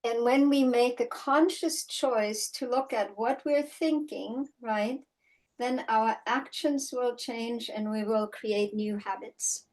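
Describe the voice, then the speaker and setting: A woman's voice: a little high, takes it slowly, rough recording. A woman from Germany teaching a horsemanship course, mixing personal stories into the lesson and often checking in with "right?". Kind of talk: teaching session with personal storytelling.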